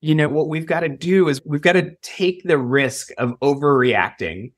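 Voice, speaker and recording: A man from the United States answering interview questions as an emergency preparedness expert, measured with emphatic bursts. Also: on the high side, breathy edge.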